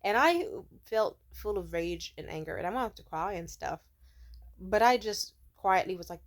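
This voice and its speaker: A woman's voice: medium pitch, normal speed. A young woman vlogger sitting at home, telling a rambling, profane story full of "like" fillers. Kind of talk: casual storytelling rant.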